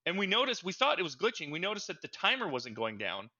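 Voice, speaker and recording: A young man co-hosting a casual gaming podcast, telling stories in an animated, stammering way and getting loud when excited. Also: quick pace, muffled recording. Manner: animated storytelling, gets loud and high when reliving frustration. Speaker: podcast co-host. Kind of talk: casual chat.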